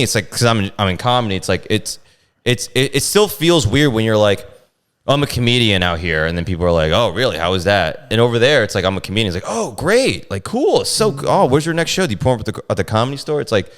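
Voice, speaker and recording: A man's voice: on the low side, clean tone. A man, a comedian, telling stories in a casual podcast chat and acting out quotes in exaggerated voices. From New York. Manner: animated storytelling, acts out quotes in exaggerated voices. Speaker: comedian guest.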